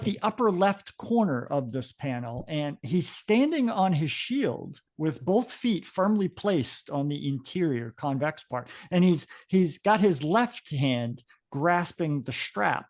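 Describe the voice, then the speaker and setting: A man co-hosting a comic podcast, describing artwork with eager enthusiasm and frequent fillers. His voice sits a little above the usual pitch. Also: darkish tone. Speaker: podcast co-host. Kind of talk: comic book discussion.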